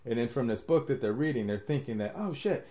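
A man's voice: mid-range voice, fast, warm tone. A man hosting a podcast, rambling through his ideas in casual chat, laughing often and swearing freely. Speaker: podcast host.

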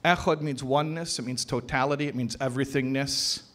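A man speaking as a rabbi at an educators' convention, lecturing with emphasis, repeating phrases for stress and slowing down on key words. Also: mid-range voice, fairly even intonation, fairly bright tone. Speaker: rabbi giving a talk to educators. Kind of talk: conference lecture. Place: convention hall.

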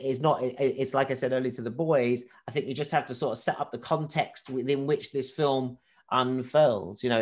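Animated male film critic, full of restarts. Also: mid-range voice. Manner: animated, halting with many restarts. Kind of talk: casual talk.

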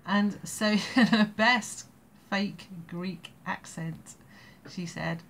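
A woman's voice: mid-range voice, very slow, gravelly, a little hiss or hum. An English woman in her sixties telling a family anecdote in a casual, rambling way, laughing between phrases. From England. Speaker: storyteller vlogger.

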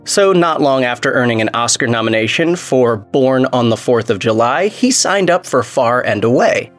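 A man's voice: medium pitch, lively intonation, moderate pace, faint music behind. A man narrating a scripted video in a wry, sardonic tone.

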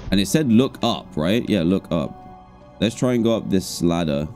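Casting: man, gaming streamer, low mellow voice, jokey and jittery, faint music under. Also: animated, moderate pace. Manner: jokey, jumpy, talks to himself. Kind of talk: live gameplay commentary.

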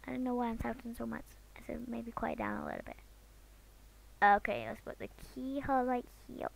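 A woman from Britain chatting goofily while she draws, swinging between loud outbursts and near-whispers. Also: fairly high pitch, very animated, unhurried, creaky, long pauses. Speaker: drawing vlogger. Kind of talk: casual commentary while drawing.

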